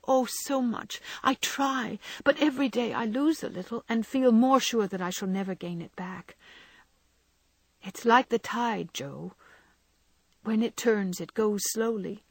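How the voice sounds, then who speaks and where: A woman voicing a gentle, frail young woman who is dying and resigned, speaking softly and in a whispery way. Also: a little high, measured pace, breathy edge, no room sound, voice pushed up. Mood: wistful. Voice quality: soft and whispery.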